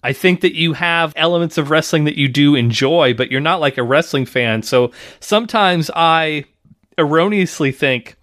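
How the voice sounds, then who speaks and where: A man's voice: a little high, normal speed, a bit bright, no room sound, studio quality. Chatty man hosting a wrestling podcast. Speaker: podcast host. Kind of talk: casual podcast chat.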